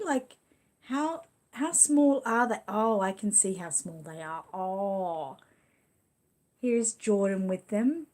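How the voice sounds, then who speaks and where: A talkative middle-aged woman with an Australian accent hosts a casual livestream. She rambles easily, cooing warmly over what viewers share, in a voice of ordinary middle pitch. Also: expressive, takes it slowly. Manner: chatty, rambling, coos affectionately. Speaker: livestream host. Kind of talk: casual livestream chat reading comments.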